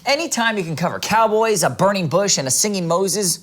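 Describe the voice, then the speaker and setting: Lively co-host of a kids' show. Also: medium pitch, a little fast, slight background noise. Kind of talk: scripted kids' lesson dialogue.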